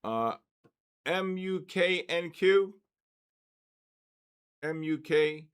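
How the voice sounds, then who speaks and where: A man hosts a trading live stream and calls out giveaway winners. He stretches each number out and repeats it. His voice sits a little high and swings widely in pitch. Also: lively intonation, clear, resonant tone. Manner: drawn-out, repetitive number calling.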